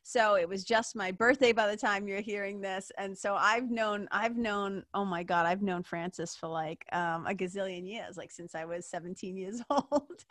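Bright lady in her 50s, rambly podcast storytelling, lots of likes and swearing, dry close sound. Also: mid-range voice, normal speed, no room sound. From Massachusetts, USA. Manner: rambling, heavy "like" fillers, swears, laughs often. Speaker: podcast host. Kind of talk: casual personal storytelling.

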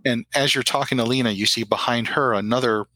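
Man, game master, tabletop narration, bright tone, dry recording. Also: medium pitch, steady tone, no room sound, poor audio. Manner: descriptive, halting.

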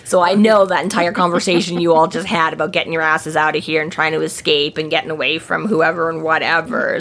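A woman casually discussing a book with friends, retelling scenes and acting out the dialogue with frequent laughter. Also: low voice. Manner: animated retelling, acts out dialogue, laughs often.

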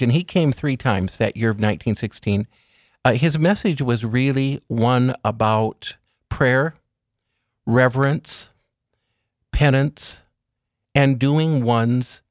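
Man guest, mid-pitched, calm explainer, unhurried lists; dry booth sound. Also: no room sound. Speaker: guest speaker on religious topics. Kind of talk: calm explanatory interview talk.

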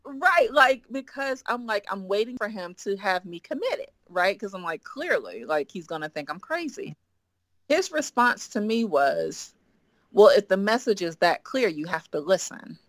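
A woman in her forties telling a personal story as a guest, acting out the quoted dialogue with lively energy. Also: medium pitch, normal speed, no echo. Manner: animated, acts out quoted dialogue. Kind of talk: casual storytelling.

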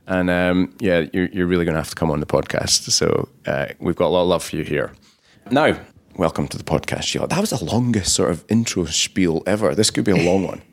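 A man's voice: sits low, fairly quick, gravelly. Chatty Scottish man hosting a podcast. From Scotland. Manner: jokey, upbeat, chatty. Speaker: podcast host. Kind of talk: podcast intro and interview chat.

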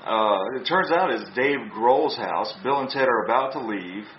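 A man's voice: medium pitch, lively intonation, normal speed. A laid-back man co-hosting a podcast, walking through movie scenes step by step. His voice bounces around a roomy space and sounds slightly muffled, with faint hiss behind it. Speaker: podcast co-host. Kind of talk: casual movie review chat.

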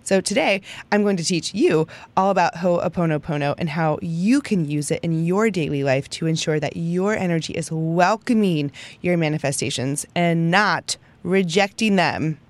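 A woman's voice: fairly low pitch, normal speed, few pauses. A young adult woman hosting a podcast, teaching in a chatty, upbeat way and often tagging lines with "right?". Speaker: podcast host. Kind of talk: casual teaching monologue.

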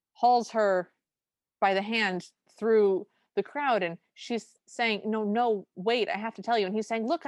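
A woman's voice: medium pitch, no echo. Brief: woman podcast co-host, enthusiastic casual recap, dry. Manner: chatty, enthusiastic, recounting scenes. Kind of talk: casual movie recap chat.

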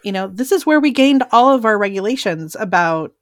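A woman co-hosting a casual podcast, talking in an animated way with quick interjections. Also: medium pitch, no echo, studio quality. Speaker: podcast co-host.

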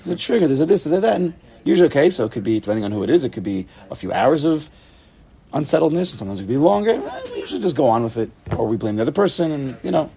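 Racing along in a slightly high voice, a man leads a casual Torah study session, full of animation, repetitions and restarted sentences, with Hebrew and Yiddish words sprinkled in. The recording was made in a study room for a tape.

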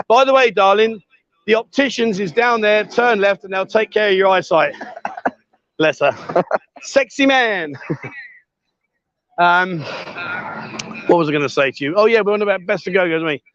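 Male host, high-pitched and chatty, outdoor street livestream on a phone mic, slightly lo-fi. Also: measured pace, pauses often. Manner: chatty, jokey, greets people loudly on the street. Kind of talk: casual walkabout livestream. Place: outdoor street market at night.

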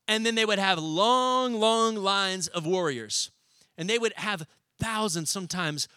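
High bright-voiced male pastor preaching. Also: dry recording. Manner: preaching with call-and-response, casual slang. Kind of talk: sermon.

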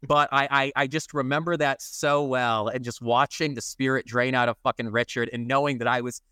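A man's voice: mid-range voice, steady tone, a little fast, pushed and bright, clear, resonant tone, dry recording, clean studio sound. A man co-hosting a podcast in casual chat, telling a rambling, self-mocking anecdote and swearing freely. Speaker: podcast co-host, photographer.

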